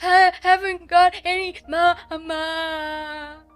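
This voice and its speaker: A woman's voice: extremely high pitch, little pitch movement, drawn-out words, fairly bright tone, soft background music, voice pushed up, heavily acted. A woman voicing a spoiled little girl who howls and sobs for her mother. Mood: wailing. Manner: howling, sobbing.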